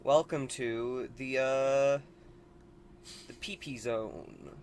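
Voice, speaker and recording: A man putting on a goofy young prankster guy, who bellows a slow, drawn-out greeting at a clearly raised pitch and then trails off into hesitant fillers. He is heard a bit away from the mic, with a faint hiss underneath. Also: a little mellow. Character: goofy young male prankster introducing a show.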